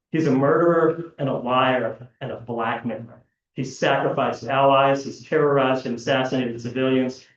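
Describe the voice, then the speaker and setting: Man presenting a paper in an echoey hall. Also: medium pitch. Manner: reads prepared analysis, occasional fillers and restarts. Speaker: conference panelist. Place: large lecture hall. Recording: echoey hall, distant, dull lo-fi.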